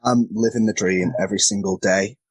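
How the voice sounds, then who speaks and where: A man with a fairly low, husky voice chats candidly as a guest, often poking fun at himself and laughing. The sound is dry and close, taken over a remote call. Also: fairly even intonation, brisk, dry recording. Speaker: wrestler and podcast guest. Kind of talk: casual chat.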